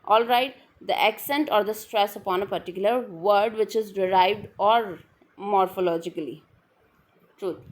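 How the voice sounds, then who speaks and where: A woman explains a literary term in a lecture, repeating her definitions and pausing on fillers. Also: mid-range voice. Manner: repetitive, restating definitions with frequent fillers. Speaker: literature teacher.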